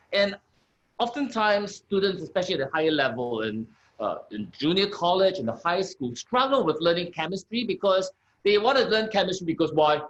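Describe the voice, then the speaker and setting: A man's voice: sits high, a bit bright, highs cut off. A middle-aged man giving a keynote talk, bringing in guests and asking the audience rhetorical questions. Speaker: keynote speaker and host.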